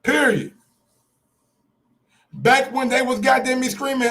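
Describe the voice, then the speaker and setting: A man's voice: extremely high pitch, a little slow, pauses often, fairly bright tone. A man hosting a sports show, ranting in a heated, profane live-stream style, repeating his points for emphasis.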